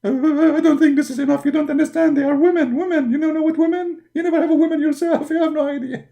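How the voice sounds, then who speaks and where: A man voicing a panicky, whiny male prophet figure who pleads quickly and nervously. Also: steady tone, gravelly, warm tone. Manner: fast, pleading, high-strung.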